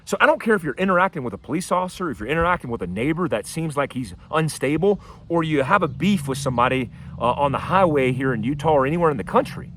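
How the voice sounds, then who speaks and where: A man telling a personal story to camera outdoors, casual and animated, acting out what people said. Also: on the high side, quick pace, few pauses, a little hiss or hum. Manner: animated, acts out quotes in a raised voice. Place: outdoors by his house and driveway.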